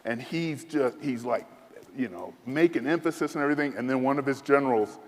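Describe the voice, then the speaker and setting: A man's voice: medium pitch, brisk, slight background noise. Man telling a story in an echoing hall. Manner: lively, self-deprecating storyteller who acts out quoted voices. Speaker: military leader giving a speech. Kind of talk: anecdotal storytelling speech. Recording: echoey hall.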